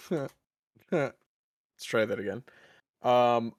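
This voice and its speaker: A man's voice: fairly low pitch, measured pace, no room sound. A man narrating a tabletop game as dungeon master, casual and hesitant, with many fillers.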